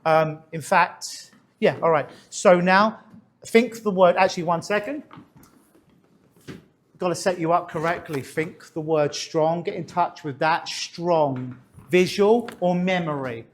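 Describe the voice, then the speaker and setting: A man's voice: fairly high pitch, a little slow, a little hiss or hum. A man working as a stage hypnotist, coaxing and instructing a volunteer during a live demonstration on stage. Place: on a stage before an audience.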